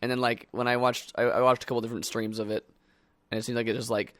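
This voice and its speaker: A man's voice: mid-range voice, flat delivery, fast talker, a bit bright, no room sound. A man co-hosting a casual online podcast, talking loosely with many fillers and mimicking gamers. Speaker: podcast co-host. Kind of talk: casual chat over an online call.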